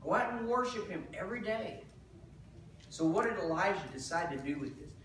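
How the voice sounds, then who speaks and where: A male pastor delivers an animated sermon, slipping into casual asides as he retells the story. His voice sits high for a man. The recording is heavily echoey, picked up from a distance in a church sanctuary. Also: fairly quick, slight background noise.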